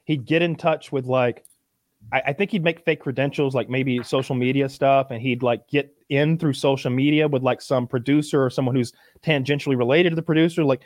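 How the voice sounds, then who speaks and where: A man's voice: mid-range voice, fairly even intonation, fairly quick, no echo, clean studio sound. A young man in casual podcast chat, rambling with lots of fillers and restarts.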